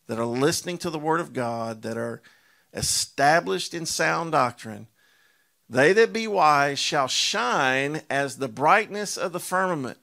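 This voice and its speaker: Man, preacher, sermon, bright tense voice, emphatic, drawn-out stresses, rhetorical questions. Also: a little high, creaky. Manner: emphatic, drawing out key words slowly; rhetorical questions, animated storytelling.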